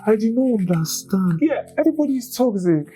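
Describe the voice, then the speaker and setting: A woman's voice: a little high, fairly quick, slight background noise, poor audio. A young Nigerian woman telling her own story in a candid, chatty way, repeating words for emphasis. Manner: chatty and animated, repeats words, mixes in Yoruba and pidgin phrases. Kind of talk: candid personal testimony, casual storytelling.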